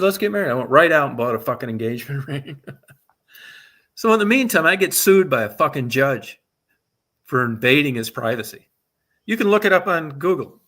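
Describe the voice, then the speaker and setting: A middle-aged man spins a long personal yarn in loose, casual talk, cursing freely and building energy as he goes. His voice sits at an ordinary middle pitch for a man. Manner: profane, animated storyteller. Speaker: guest telling a story. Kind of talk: casual storytelling.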